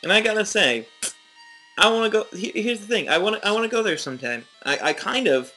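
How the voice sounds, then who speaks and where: A man's voice: high-pitched, sing-song, brisk, sharp tone, soft background music, poor audio. A young man giving rambling, chatty, self-mocking commentary while he plays a game. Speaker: let's play host. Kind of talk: casual gameplay commentary.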